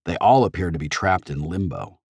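A man's voice: deep voice, lively intonation, fairly quick, creaky, a little mellow, husky, no room sound, exaggerated voice. A man voicing an anxious, earnest male executive in an audiobook with a shaky, hesitant delivery. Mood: grim.

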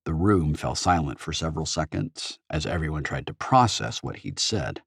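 A man narrating an audiobook in an expressive storytelling manner. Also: very deep voice, normal speed, creaky, husky, no echo, clean studio sound.

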